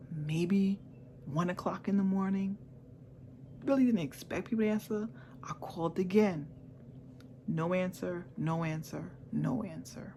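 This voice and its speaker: Middle-aged woman, candid storyteller, emotional with hushed moments, faint noise behind. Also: on the low side. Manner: emotional, repeats herself, drops into a near whisper. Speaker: vlogger. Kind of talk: personal storytelling.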